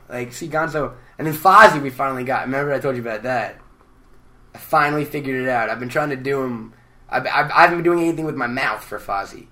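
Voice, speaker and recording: Energetic, bright-voiced man joking around. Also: medium pitch, fast. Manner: energetic, joking, swears freely. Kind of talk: casual chat.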